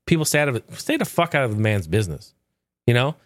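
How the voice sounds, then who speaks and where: A man's voice: medium pitch, big pitch swings, fast talker, dry recording. Profane ranting man, dry close sound. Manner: sarcastic, swears a lot, acts out quotes.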